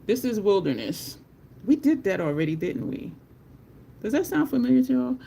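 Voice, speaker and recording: A chatty beauty live-streamer talks casually to viewers while swatching makeup and laughs often. The voice has a rough, gravelly edge, and a faint hiss sits under the recording. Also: medium pitch, very animated, normal speed, dark tone.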